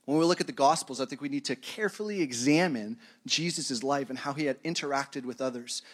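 A man's voice: medium pitch, a little fast, few pauses. Conversational pastor, a man preaching. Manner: conversational and self-deprecating, chuckles at his own tangents. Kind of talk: sermon.

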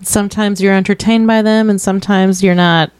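A woman's voice: medium pitch, fairly even intonation, fairly quick, darkish tone, clear, resonant tone. A woman co-hosting a movie review podcast, chatting casually and laughing often. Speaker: podcast co-host.

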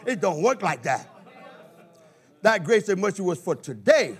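Husky, high-voiced male preacher. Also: a little slow, pauses often, a faint crowd. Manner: animated call-and-response preaching, bursts of shouting. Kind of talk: sermon.

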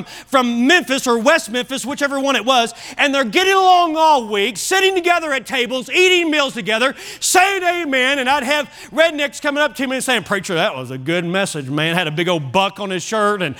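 A middle-aged pastor preaching in church, his voice pitched high with a bright edge. He tells stories with animation, often tripping over and repeating the first words of a line before pushing on. The delivery is that of a man in full flow behind the pulpit. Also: animated, normal speed, hardly any pauses. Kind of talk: sermon.

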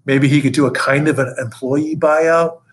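A man's voice: on the high side, fairly even intonation, moderate pace, a little hiss or hum, low-quality recording. An older man, interviewer and former colleague, reminiscing in conversation and telling stories. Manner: storytelling, acts out quotes.

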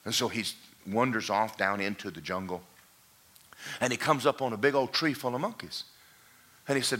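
A pastor in the middle of a sermon tells a jungle parable with lots of animation. His voice is lowish and carries a bright, forceful edge. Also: normal speed, pauses often. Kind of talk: sermon storytelling.

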